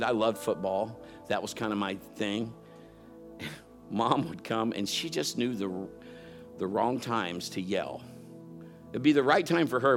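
A middle-aged man preaching a sermon, telling family stories with playful mimicry. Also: fairly low pitch. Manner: storytelling with playful mimicry and loud impressions. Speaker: pastor.

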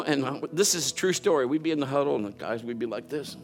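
A man's voice: medium pitch, moderate pace, hardly any pauses, soft background music. A middle-aged man preaching a sermon, telling family stories with playful mimicry. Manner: storytelling with playful mimicry and loud impressions. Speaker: pastor.

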